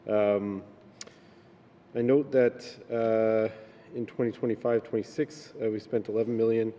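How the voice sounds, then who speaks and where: A man speaking as a legislator, asking a minister measured questions, with frequent pauses and fillers. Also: lowish voice, flat delivery, mellow, muffled recording. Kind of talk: committee questioning. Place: legislative chamber. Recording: long reverb of a chamber, faint noise.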